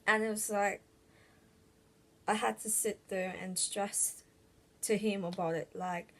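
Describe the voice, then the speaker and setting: A young woman telling a personal story to camera in a casual vlog, halting and full of "like" and restarts. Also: mid-range voice, steady tone. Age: young adult. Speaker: vlogger.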